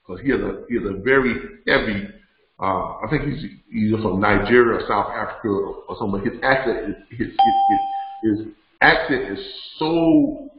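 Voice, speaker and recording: A middle-aged man, hosting a live webinar Q&A in a conversational way, repeating words and laughing often. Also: mid-range voice. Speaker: host. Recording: roomy, dull lo-fi sound.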